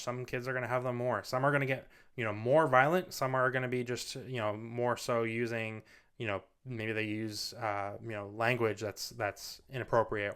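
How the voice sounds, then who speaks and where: A man's voice: medium pitch, a bit bright, clean tone. A man hosting a parenting talk, giving casual advice in an earnest, rambling way full of "you know"s, standing at a studio microphone. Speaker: parenting video host. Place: standing in front of a mic.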